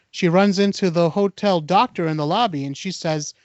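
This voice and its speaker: A man's voice: fairly high pitch, normal speed, hardly any pauses, smooth, no echo, lo-fi sound. A man hosting a podcast, retelling an urban legend casually with lots of fillers and acted-out dialogue. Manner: animated retelling, acts out dialogue, many fillers. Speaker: podcast host.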